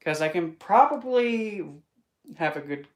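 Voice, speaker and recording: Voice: medium pitch, expressive, measured pace. Chatty, rambling vlogger voice. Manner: playful, wordplay and asides. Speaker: spiritual vlogger. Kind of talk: casual monologue to camera.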